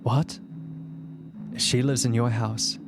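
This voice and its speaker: A man voicing a weary middle-aged woman, a shopkeeper's wife, in a low, hushed, resigned voice. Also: little pitch movement, takes it slowly, music in the background, natural voice.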